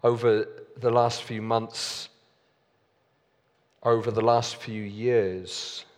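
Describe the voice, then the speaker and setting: A man preaching a sermon as pastor, earnest and deliberate with pauses and fillers. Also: fairly low pitch, flat delivery. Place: church hall. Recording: long reverb of a church hall.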